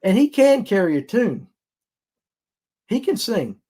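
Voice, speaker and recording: A man with a high-pitched, unhurried voice hosts a casual fishing podcast. He's an animated storyteller who acts out other people's lines.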